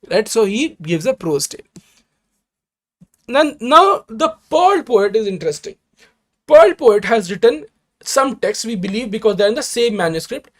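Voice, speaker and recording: Literature tutor, live online class, explains step by step and keeps asking "right?". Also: mid-range voice. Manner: reads verse lines slowly and deliberately; greets viewers by name mid-lecture. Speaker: exam-prep literature teacher.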